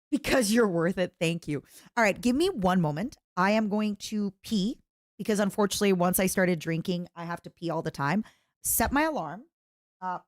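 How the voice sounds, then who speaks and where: Excitable woman streamer, lively pitch. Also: no room sound, clean studio sound. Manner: excitable and playful, squealing over cute animals. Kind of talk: casual livestream chat reacting to clips.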